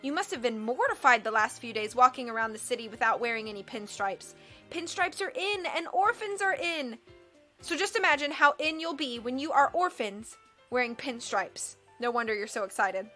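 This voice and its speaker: A woman's voice: a little high, animated, normal speed, bright, forceful tone, faint music behind. A woman reading aloud and voicing a vain, bossy rich woman obsessed with what is fashionable, in a haughty, dismissive way. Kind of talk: audiobook character voice.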